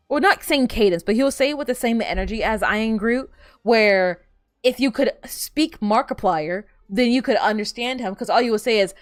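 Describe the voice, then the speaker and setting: In a clean studio recording free of room sound, a woman streamer tells meandering, filler-laden stories during casual gameplay chat. Her voice is a little high and her pace brisk.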